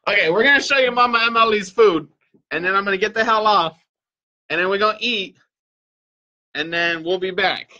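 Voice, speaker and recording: A man's voice: high-pitched, a little fast, long pauses, pushed and bright, highs cut off. A man hosting a casual livestream, joking with viewers and swearing freely. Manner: joking, profane, talks straight to viewers. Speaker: livestream host and parent.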